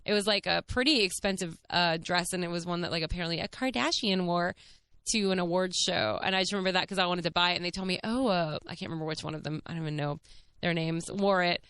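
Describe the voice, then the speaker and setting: A woman in her thirties hosting a podcast, telling a story in a chatty, animated way, laughing often and swearing casually. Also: lowish voice, quick pace, clear, resonant tone, no room sound. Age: 30s. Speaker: podcast host.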